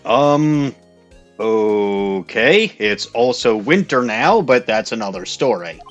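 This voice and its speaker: A man hosting a comedic game playthrough voice-over, sarcastic and deadpan as he reads and comments. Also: medium pitch, slow, lo-fi sound, faint music behind. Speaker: host.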